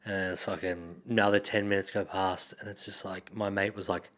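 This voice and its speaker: A man's voice: sits low, moderate pace, hardly any pauses. A young man, a comedian guest, telling a story in casual chat, swearing often and laughing as he goes. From Australia. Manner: profane, laughing, animated retelling.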